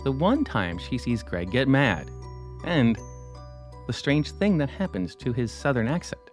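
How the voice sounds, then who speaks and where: A man hosting a podcast, delivering scripted narration with dramatic pauses. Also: medium pitch, big pitch swings, faint music behind.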